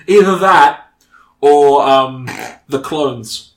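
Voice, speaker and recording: A man chatting comedically with friends, often slipping into short acted bits. His voice sits high, and the room has a noticeable echo. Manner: jokey, acts out characters in quick bursts. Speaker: podcast co-host. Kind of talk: casual comedic chat.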